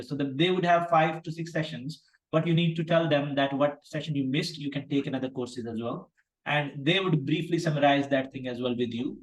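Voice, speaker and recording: A man's voice: medium pitch, reverberant, rough recording. A male tutor explaining class arrangements to his students in loose, informal phrasing. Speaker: medical exam tutor. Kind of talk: online class instructions.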